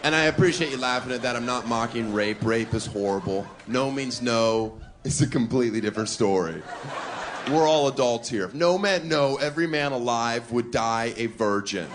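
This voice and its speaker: A man doing a crude, brash stand-up comedy set on a club stage, punching up his lines with shouts. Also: medium pitch, normal speed. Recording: live club recording with crowd noise. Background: audience laughter and applause.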